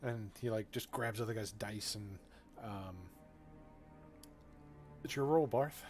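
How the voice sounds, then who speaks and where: A man acting as game master, narrating a tabletop game in a relaxed way, often chuckling and filling his talk with ums and uhs. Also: lowish voice, measured pace, soft background music. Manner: relaxed, chuckling, with filler-heavy asides.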